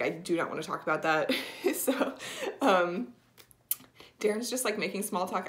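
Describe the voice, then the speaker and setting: Young woman vlogger, sleep-deprived, slightly low voice, rambling and emotional storytelling. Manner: rambling, frequent "like" fillers, tearful at times.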